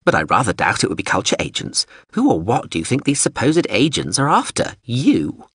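A man's voice: mid-range voice, wildly swooping pitch, brisk, fairly bright tone, husky, no echo, clean studio sound, pitched above the performer's own voice, exaggerated voice. A man voicing a small, prim, officious ship drone that sneers as it talks. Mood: sneering.

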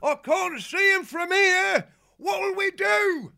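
A man voicing a dim-witted male rat scout who speaks slowly and sounds bewildered. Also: extremely high pitch, vocal fry, bright, forceful tone, pitched above the performer's own voice, heavily acted. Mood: puzzled.

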